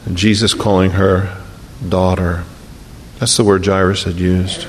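A man preaching a sermon and telling the story with feeling, often dropping to a slow, quiet hush for emphasis. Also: sits low, level tone, a little hiss or hum. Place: church sanctuary. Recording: long reverb of a large hall.

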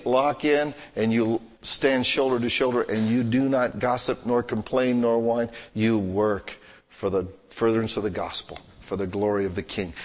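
A man's voice: fairly low pitch, long reverb tail. A man preaching a sermon as a pastor, exhorting his congregation with emphatic, rising and falling intensity.

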